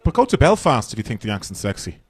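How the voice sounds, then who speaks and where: A man's voice: lowish voice, wildly swooping pitch, quick pace, breathy edge, no echo. An Irish man doing live stand-up comedy, swearing freely and rambling into banter with the crowd. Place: comedy venue stage.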